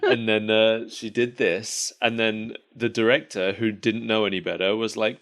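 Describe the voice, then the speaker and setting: A man's voice: fairly low pitch, level tone, normal speed, few pauses, fairly bright tone. A man co-hosting a podcast in casual chat, rambling and laughing often at his own jokes. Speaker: podcast co-host.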